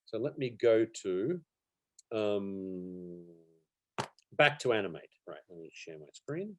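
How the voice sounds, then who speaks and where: Over a video call, a middle-aged animation instructor leads a live online workshop in a slow, lowish voice, and the audio sounds dull. His manner is easygoing and conversational, peppered with fillers and gentle laughter.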